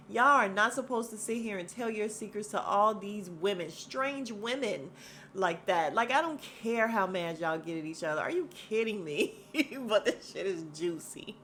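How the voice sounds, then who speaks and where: A woman hosting a podcast, recapping a reality show in a loose, slangy, animated way and breaking into laughter as she acts out the cast's lines. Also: a little high, a little hiss or hum. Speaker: podcast host.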